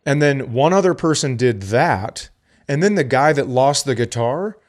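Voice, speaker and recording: A laid-back man with a voice of middling pitch tells a story on a podcast. He jokes as he goes and slips into little voices for the people he quotes. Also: lively intonation, moderate pace. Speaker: podcast co-host. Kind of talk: casual storytelling chat.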